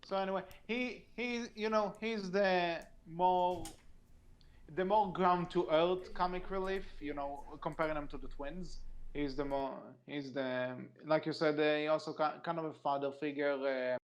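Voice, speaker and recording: A man's voice: on the high side, fairly even intonation, dull audio. Giggly podcast guy on a voice call. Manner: giggly, halting, lots of fillers and restarts. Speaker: podcast co-host. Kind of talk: casual chat. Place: home, over an online voice call.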